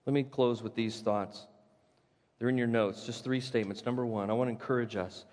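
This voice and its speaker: A man preaching a sermon as pastor, rising to loud, high proclaiming and dropping to hushed, low emphasis. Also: steady tone, a little fast. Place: church sanctuary. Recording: long reverb of a large hall.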